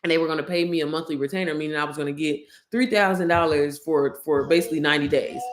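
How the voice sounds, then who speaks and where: A woman's voice: deep voice, fairly even intonation, fast, slight background noise. A woman YouTuber telling a story to her viewers, candid and slangy, swearing freely and calling them y'all.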